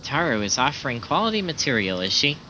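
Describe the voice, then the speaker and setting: A man's voice: mid-range voice, big pitch swings, fast talker, sharp tone, a little hiss or hum, pitched above the performer's own voice, poor audio. A man voicing a proud, devoted male soldier captain, reading solemn formal lines close to his own voice over game music.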